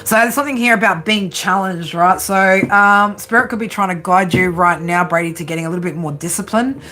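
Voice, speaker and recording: A woman's voice: fairly low pitch, brisk, sharp tone, soft background music. A woman hosting a casual live-stream tarot reading, chatty and giggly, often ending her lines with "right?".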